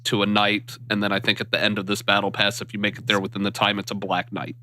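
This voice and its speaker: A man's voice: fairly low pitch, completely flat delivery, fast, pushed and bright, slight background noise. A young man co-hosting a gaming podcast while sick and congested, speaking plainly. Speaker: podcast co-host. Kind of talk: casual chat.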